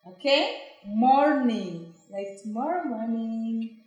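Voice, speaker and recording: A woman's voice: on the high side, expressive, drawn-out words. A woman teaching phonics, sounding out words letter by letter in a patient, encouraging way. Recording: very echoey room.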